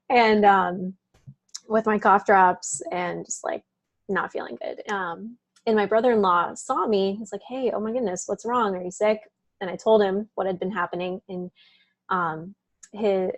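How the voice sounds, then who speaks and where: Here a woman's mid-range voice comes through with no room sound. Talking casually as a guest in an interview, she tells a personal story, laughs frequently, and leans heavily on "like" and other fillers.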